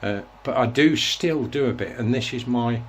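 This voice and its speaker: At a moderate pace and in a mid-range voice, a host in his sixties reminisces casually on his own program. His monologue rambles and reflects, full of restarts, with a little hiss or hum in the background.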